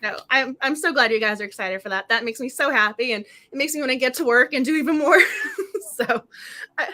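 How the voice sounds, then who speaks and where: A woman hosting a book club livestream in casual, effusive chat, her voice slightly hoarse. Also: high voice, fairly quick, bright, forceful tone.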